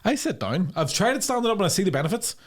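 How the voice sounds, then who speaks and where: A man's voice: high-pitched, very animated, racing, slightly rough. A Northern Irish man co-hosting a podcast, joking, swearing and riffing playfully. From Northern Ireland. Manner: jokey, swearing, playful bits. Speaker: podcast co-host. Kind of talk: casual chat.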